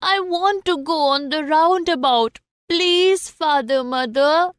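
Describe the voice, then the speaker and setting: A woman's voice: high voice, takes it slowly, dry recording, studio quality, voice pushed up. Woman doing a wailing lost little boy. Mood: pleading. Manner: wailing, pleading cries. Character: small lost boy, frightened and desperate.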